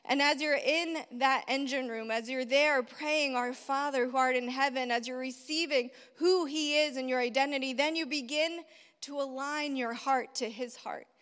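A woman's voice: high-pitched, fairly bright tone. A woman preacher giving a sermon, telling a story with rhetorical questions and repeating key phrases for emphasis. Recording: long hall reverb.

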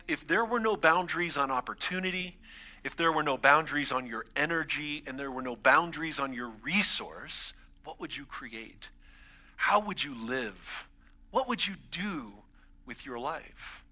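A man's voice: on the high side, bright, forceful tone. A man in his thirties, a pastor, gives a conversational sermon in a church and builds emphasis on his key points.

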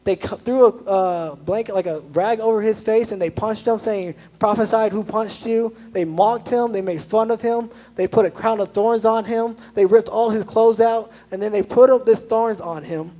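A young man, a youth pastor, giving a casual, animated sermon full of "like" asides. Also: sits high, normal speed, few pauses, low-quality recording.

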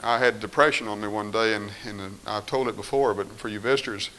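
A man preaching a sermon, reading scripture and moving between quiet firm statements and raised, pleading voices. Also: fairly low pitch, steady tone, a little fast, low-quality recording.

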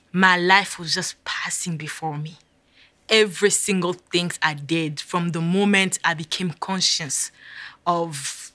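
A woman's voice: fairly low pitch, pushed and bright, no room sound. A woman telling her personal faith testimony in an intense, emotional way. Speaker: speaker sharing a testimony.

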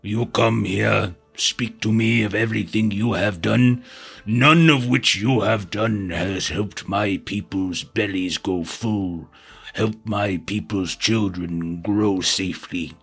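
A man voicing a stern old male village elder with a put-on Nordic-style accent, speaking slowly and gravelly. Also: lowish voice, steady tone, fairly bright tone, soft background music, heavily acted. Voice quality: gravelly, slow and measured. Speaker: game master voicing a character.

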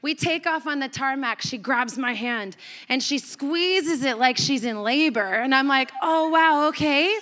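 A woman pastor from Canada preaching a sermon, telling a personal story in a chatty, animated way and acting out the dialogue. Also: high voice, unhurried. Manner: conversational and animated, quoting dialogue with laughs.

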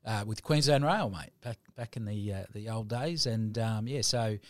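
A man's voice: on the low side, moderate pace, dry recording. A middle-aged man from New Zealand with a Kiwi accent, a guest chatting casually and joking in a laid-back way. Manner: laid-back, jokey, lots of mate and bro. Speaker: podcast guest. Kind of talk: casual chat.

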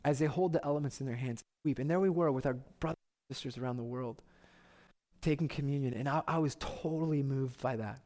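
A man in his thirties preaching a sermon, telling stories with loud excitement and then dropping to quiet reverence. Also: medium pitch, fairly quick. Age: 30s. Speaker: pastor.

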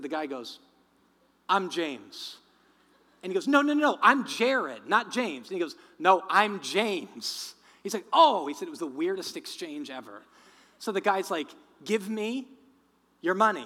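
Man preaching in a reverberant hall. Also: fairly high pitch. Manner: acts out quoted voices, then drops to quiet earnest reflection. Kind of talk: sermon storytelling.

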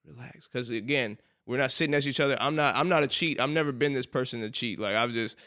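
A man with a Southern US accent hosts a casual podcast, spinning a college story. His voice is smooth and clear at an average pitch, and he laughs often as he talks. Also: fast. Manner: animated storyteller, laughs often, says "bro". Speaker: podcast co-host.

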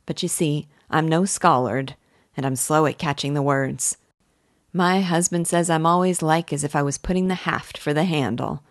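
A kindly, earnest village wife who rambles on in homely rustic speech, as a woman reading aloud puts her on. Her voice sits low and is recorded close and dry. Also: normal speed, no room sound. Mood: humble.

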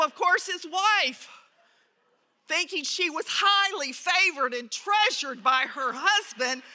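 Bright, high-voiced woman teaching scripture. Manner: earnest, reads scripture aloud and adds commentary. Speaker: Bible study teacher. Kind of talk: Bible lesson with storytelling. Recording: reverberant hall.

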